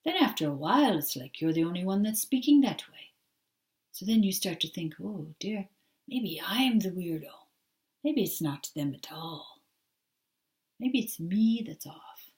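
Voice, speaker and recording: A woman channeling a patient, genderless spirit that speaks as "we" and explains its ideas in a calm, unhurried way. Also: fairly low pitch, distant mic. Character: gentle collective spirit, genderless, patient teacher. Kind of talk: trance channeling talk.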